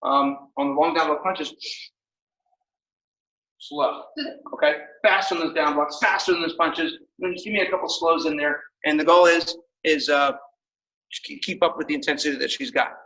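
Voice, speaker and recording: A man teaching a martial arts class, calling out commands with energetic shouts and laughter. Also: a little high, fairly quick, muffled recording. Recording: echoey room, mic far off.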